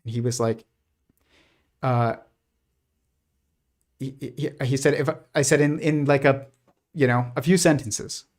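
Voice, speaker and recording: A man's voice: mid-range voice, steady tone, measured pace, pauses often. A man talking through his thoughts on a casual livestream, with a mid-range voice. He rambles, restarts his sentences, and leans on fillers. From United States. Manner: rambling, many restarts and fillers, laughs softly. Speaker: host.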